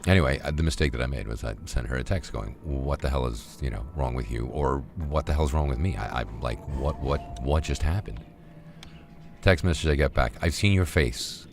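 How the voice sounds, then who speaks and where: A man's voice: very deep voice, fairly quick, vocal fry, a little hiss or hum. A middle-aged man streaming a game, telling a rambling story casually with lots of swearing and fillers. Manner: rambling, profane, full of fillers. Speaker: gaming streamer.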